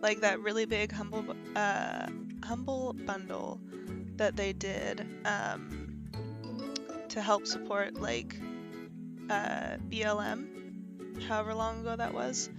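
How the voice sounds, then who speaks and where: A woman's voice: mid-range voice, steady tone, slow, long pauses, loud music behind the voice. A woman streaming a game from her bedroom on a headset, chatting awkwardly with lots of fillers and hiccuping now and then. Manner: awkward, rambling, many fillers. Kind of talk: casual live-stream chat.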